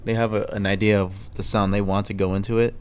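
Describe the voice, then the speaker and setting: A man's voice: on the low side, level tone, fast talker, a little hiss or hum. A man co-hosting a casual music critique show, blunt and repeating his points for emphasis. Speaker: co-host.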